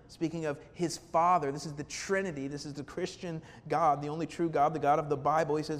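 A man's voice: steady tone, a little fast, hardly any pauses. Earnest preaching man in a reverberant hall. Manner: earnest, building emphasis with repetition and rhetorical questions. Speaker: pastor. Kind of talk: sermon. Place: church sanctuary. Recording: reverberant hall with faint rumble.

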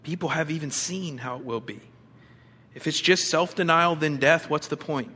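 Bright-voiced man preaching a sermon. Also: a little high, moderate pace, husky. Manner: conversational, with humor and fillers. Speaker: pastor.

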